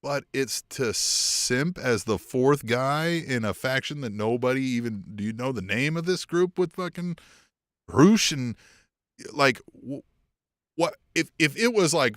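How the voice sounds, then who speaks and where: A man's voice: medium pitch, expressive, unhurried, a bit bright, no room sound, studio quality. A man co-hosting a podcast in casual chat, rambling and profane, laughing often. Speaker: podcast co-host.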